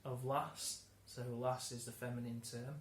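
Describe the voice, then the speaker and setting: A man's voice: mid-range voice, level tone, a little slow, a little hiss or hum. A man explaining words in a conversational lesson, laughing and restarting often. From England. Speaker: English teacher. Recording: roomy room, faint ambience.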